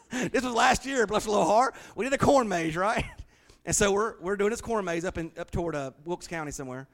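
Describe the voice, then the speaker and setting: A middle-aged man preaching a sermon, telling folksy stories that swing from hushed to loud. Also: sits high, animated, a little fast. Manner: folksy storytelling, shifting from hushed to shouting. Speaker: pastor.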